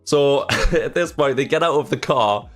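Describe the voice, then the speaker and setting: A man's voice: medium pitch, a little slow, faint music behind. Rambling young man telling a story. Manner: rambling, many fillers and swearing. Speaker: YouTuber. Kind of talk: casual storytime vlog. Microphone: desk microphone.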